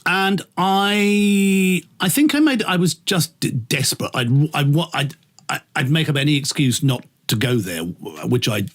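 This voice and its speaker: A man who presents radio, telling anecdotes with a lively voice that swoops all over. His voice is a touch higher than most men's. He laughs a lot and swears casually. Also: measured pace. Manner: animated storyteller, laughs often, swears casually. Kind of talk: casual interview chat.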